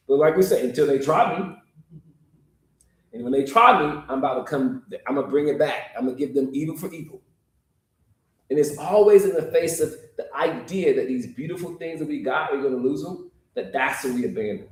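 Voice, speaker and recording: A man's voice: fairly high pitch, lively intonation, moderate pace, a little mellow. A man preaching a sermon, talking directly to the congregation in an easygoing, conversational way. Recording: echoey room.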